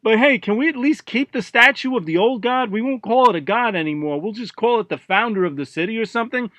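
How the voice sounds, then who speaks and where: A man's voice: high voice, fast, bright, forceful tone, dry recording, voice pushed up. A man voicing an eager, wheedling city mayor who bargains and pleads. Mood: pleading.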